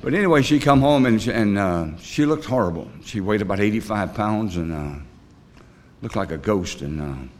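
An older man sharing his recovery story before a group, his voice sitting on the low side. He rambles earnestly and confesses plainly, with folksy grammar and a lot of "uh" between thoughts. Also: animated, a little hiss or hum. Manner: rambling, plain-spoken storytelling with frequent pauses. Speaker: speaker at a recovery meeting. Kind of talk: personal testimony talk.

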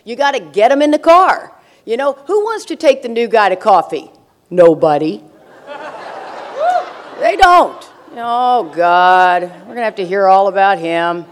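A woman's voice: medium pitch, expressive, measured pace, a little hiss or hum. An older woman speaking at a recovery meeting, telling stories with brash, joking humor and frequent laughter. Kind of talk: humorous storytelling talk to an audience.

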